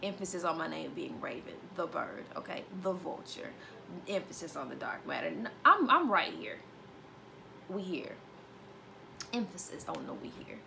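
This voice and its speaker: Woman tarot reader with a lowish voice, sassy and emphatic, calls you honey; noisy recording. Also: sing-song, normal speed, creaky. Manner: repeats key phrases for emphasis. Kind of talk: casual spiritual reading.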